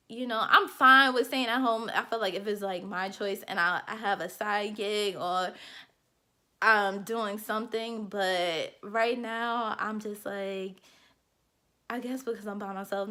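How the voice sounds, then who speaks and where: A young woman speaks straight to her camera in a candid personal vlog. Her voice sits at an ordinary middle pitch, and her talk is earnest and heartfelt. She rambles loosely, with many "like"s and "you know"s. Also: pushed and bright. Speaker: vlogger.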